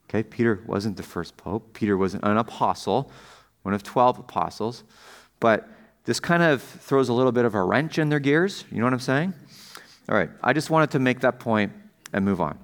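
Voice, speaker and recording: A man's voice: medium pitch, lively intonation, moderate pace. Man preaching in a chatty way. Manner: conversational preaching, asks the congregation questions. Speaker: pastor. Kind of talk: sermon.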